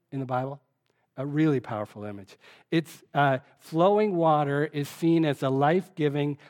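A man preaching a teaching sermon, reading scripture aloud and talking with the congregation in a conversational way. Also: fairly high pitch.

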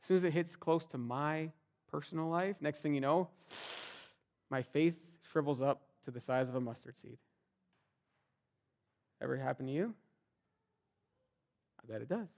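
Conversational pastor preaching a sermon. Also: male voice, a little high, normal speed, gravelly, pauses often, a little mellow. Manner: conversational preaching, acts out quoted voices.

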